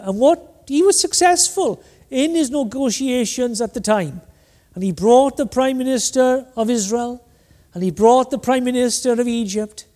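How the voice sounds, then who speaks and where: A man's voice: extremely high pitch, darkish tone. A man preaching a sermon, emphatic and rhetorical. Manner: emphatic, rhetorical, acts out little voices. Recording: hall reverb.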